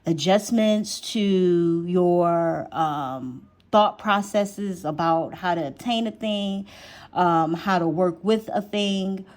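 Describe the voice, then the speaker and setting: A woman's voice: on the low side, slow pace, a little mellow. A woman giving a casual tarot reading, chatty and repeating her phrases for emphasis. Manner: drops to a whisper while drawing cards. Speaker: tarot reader.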